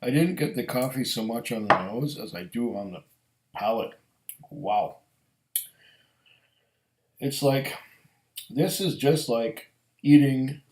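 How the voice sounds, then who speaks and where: A middle-aged man reviewing whiskey in a slow, musing, storytelling way. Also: mid-range voice. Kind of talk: casual tasting review. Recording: echoey room.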